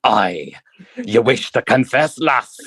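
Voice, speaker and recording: A man voicing a gruff, blunt male cleric who says "aye" and "lass". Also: medium pitch, lively intonation, slow pace, fairly bright tone, no echo, studio quality.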